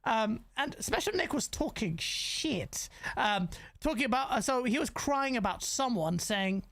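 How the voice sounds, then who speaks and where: A man hosting a gaming podcast in casual chat, ranting in an animated way, swearing freely and stumbling over restarts. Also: very high voice, a little slow.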